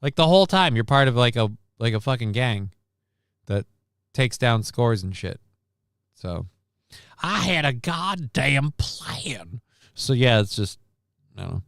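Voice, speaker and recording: A man's voice: mid-range voice, moderate pace, vocal fry, long pauses, clean tone, no room sound, clean studio sound. A man hosting a livestream news show in casual chat, rambling, sarcastic and profane.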